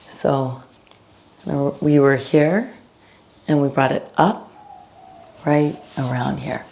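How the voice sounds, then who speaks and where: A woman teaching a restorative yoga class, giving calm, unhurried cues with casual fillers. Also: sits low, gravelly, a little hiss or hum. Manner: slow, calm cueing with fillers. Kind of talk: guided yoga instruction.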